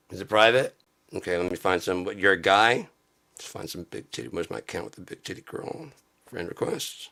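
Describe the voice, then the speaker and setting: A man's voice: sits low, moderate pace, pushed and bright. A man doing a profane, sarcastic satirical comedy rant. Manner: sarcastic, profane, jumps into mocking voices.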